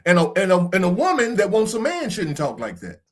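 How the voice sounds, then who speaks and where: A man's voice: high voice, wildly swooping pitch, brisk. A man hosting a podcast discussion, talking in a preachy, casual way and swearing now and then. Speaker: podcast host.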